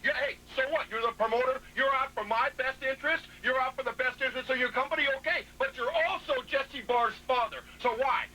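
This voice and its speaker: A man's voice: extremely high pitch, bright, forceful tone, slight background noise, rough recording. A man as a professional wrestler in a staged TV promo, talking in an angry, confrontational, heated way.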